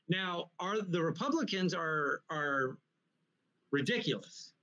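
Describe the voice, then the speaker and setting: Man, high voice, talk show host, lecturing, restarts often, muffled lo-fi audio. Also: moderate pace. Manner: animated, lecturing, many restarts. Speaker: podcast host. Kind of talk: casual conversation.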